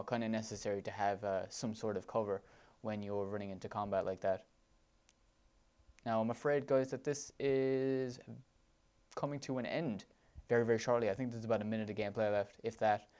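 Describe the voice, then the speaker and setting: A man's voice: mid-range voice, darkish tone, clear, resonant tone. A man with an Irish accent giving enthusiastic commentary over gameplay footage, gushing about what he sees. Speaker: let's play commentator.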